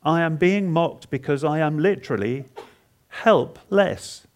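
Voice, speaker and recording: A man preaching an expository sermon at a conference. He retells a psalm dramatically in the first person, halting and repeating words for emphasis. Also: on the high side.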